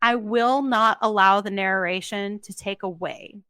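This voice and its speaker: A woman's voice: mid-range voice, fairly even intonation, sharp tone, clean tone, dry recording. A young woman co-hosting a podcast, chatting casually in an emphatic, talkative way. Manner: chatty, emphatic, quick asides. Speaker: podcast co-host. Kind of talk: casual chat.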